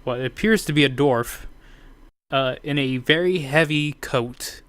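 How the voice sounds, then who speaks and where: A man narrating a tabletop game as game master, often halting and correcting himself. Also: on the high side, fairly bright tone.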